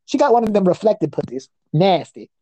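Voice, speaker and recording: A woman's voice: medium pitch, very animated, fairly quick, warm tone, no echo, rough recording. A woman guest on a comedy podcast, delivering a crude, profane roast in a mocking voice and breaking into nonsense singsong chants.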